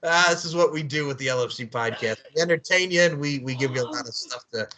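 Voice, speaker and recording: A man's voice: medium pitch, fast talker, sharp tone. A man hosting a casual podcast chat, rambling, profane and often laughing. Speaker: podcast host.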